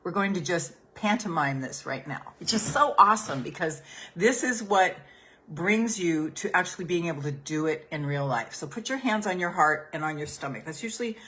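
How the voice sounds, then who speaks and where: Low-voiced woman coaching a gentle exercise. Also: lively intonation, normal speed. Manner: soothing, gentle, repeats phrases softly. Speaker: business coach and podcast host. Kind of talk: guided healing exercise.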